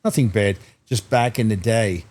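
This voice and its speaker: Chatty podcast host. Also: male voice, on the low side, moderate pace, a little mellow. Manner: chatty, rambling questions. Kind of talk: casual interview talk.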